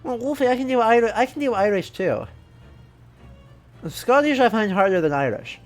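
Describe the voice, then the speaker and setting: A woman's voice: fairly high pitch, animated, moderate pace, faint music behind. A woman streamer talking casually while playing a game, in a chatty, rambling way that keeps correcting itself. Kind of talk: casual gaming stream commentary.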